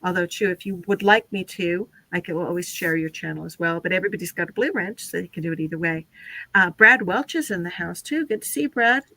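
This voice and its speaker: Woman, livestream host, chatty, bright tone, dry sound. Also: fairly low pitch, fast talker, no echo. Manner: chatty, runs through lists with filler "um"s. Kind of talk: casual live-stream chat.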